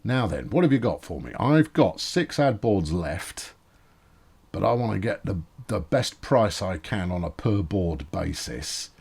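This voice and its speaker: A man's voice: sits low, sing-song, a little slow, creaky, a little mellow, husky. A man in early adulthood giving casual commentary as he plays a management game, dry and self-mocking, rambling with many restarts. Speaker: gaming video host. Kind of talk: casual let's-play commentary.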